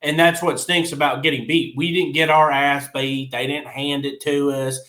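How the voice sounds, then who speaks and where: A man's voice: a little high, little pitch movement, normal speed, sharp tone, roomy sound. A man co-hosting a podcast in casual sports chat, blunt and frustrated, laughing often. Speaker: podcast co-host.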